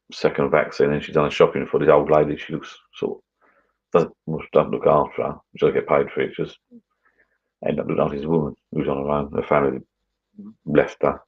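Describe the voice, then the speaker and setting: This middle-aged man's very deep voice is gravelly and a little mellow, and the audio is dull. He hosts a casual livestream over drinks in his garden bar shed at home, mumbling and rambling while reading out comments.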